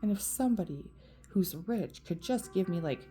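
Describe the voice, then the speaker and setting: A woman's voice: lowish voice, animated, moderate pace, warm tone, soft background music. A woman vlogger venting in a rambling, profane rant to camera, full of fillers.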